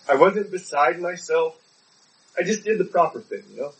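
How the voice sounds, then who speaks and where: A man's voice: sits high, normal speed, far from the mic, low-quality recording. A man preaching a sermon, telling a personal story in an earnest, pleading way.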